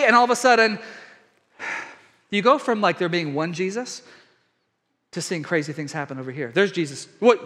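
A man preaching a sermon, retelling a story with lively shifts and acted-out crowd voices. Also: high-pitched, moderate pace, long pauses. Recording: hall reverb.

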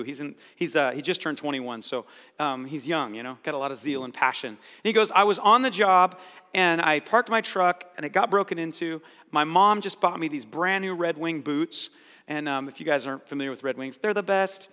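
A high, bright-toned man preaching a sermon with emphatic, repeated phrases. His middle-aged voice carries through a large hall with a long reverb. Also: brisk. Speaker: pastor.

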